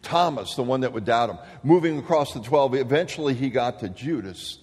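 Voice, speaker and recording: A man in his late fifties giving a sermon as an animated storyteller, acting out the people he quotes. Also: mid-range voice, a little fast, breathy edge. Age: 50s. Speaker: speaker. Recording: long reverb of a hall.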